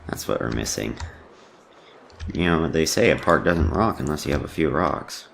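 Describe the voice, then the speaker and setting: Very deep, gravelly rambling gamer man. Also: expressive, moderate pace, fairly bright tone, a little hiss or hum. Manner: rambling, filler-heavy, self-deprecating. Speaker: let's play host. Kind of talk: casual gameplay commentary.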